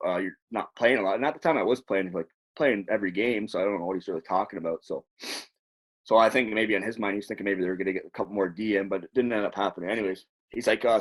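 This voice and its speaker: A man's voice: lowish voice, husky. Profane rambling storyteller, a man. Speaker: podcast guest, former hockey player. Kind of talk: casual storytelling.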